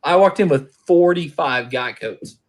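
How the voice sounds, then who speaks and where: A man's voice: fairly high pitch, a little slow. A middle-aged man from Oklahoma telling stories in casual chat, rambling and restarting his sentences. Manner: rambling storyteller, many restarts.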